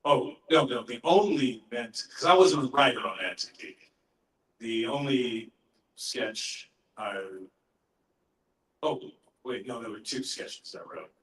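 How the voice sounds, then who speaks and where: A middle-aged man, a voice actor, answering fan questions in a relaxed, anecdotal way at a convention panel. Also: mid-range voice. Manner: relaxed, anecdotal, pauses to gather his thoughts. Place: large convention panel room. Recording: echoey hall, voice heard from far off.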